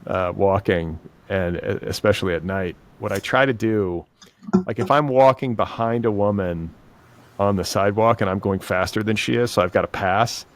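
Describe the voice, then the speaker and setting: A man's voice: on the low side, moderate pace. A middle-aged man hosting a podcast, chatting casually in a laid-back, joking, self-deprecating way. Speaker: podcast host. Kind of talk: casual chat.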